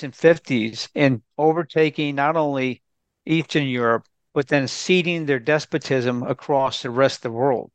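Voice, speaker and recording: A man's voice: fairly high pitch, dry recording. A man, a guest commentator on a talk radio show, making his case in an emphatic, lecturing way and ticking off points in lists.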